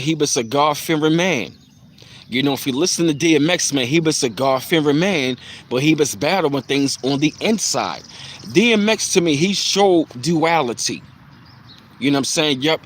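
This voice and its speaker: A man's voice: fairly high pitch, a little hiss or hum. A man hosting a casual live stream, speaking in a loose, reflective way with plenty of fillers and repeated phrases.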